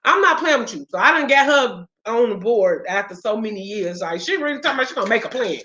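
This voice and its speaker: A woman with a somewhat high voice talks casually and bluntly, swearing often and getting worked up as she tells stories. The recording sounds echoey and a bit muffled, as if made in a bare room. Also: animated, fast talker, a bit bright. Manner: blunt, profane, fired-up storytelling. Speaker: podcast host. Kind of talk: casual chat. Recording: roomy, dull lo-fi sound.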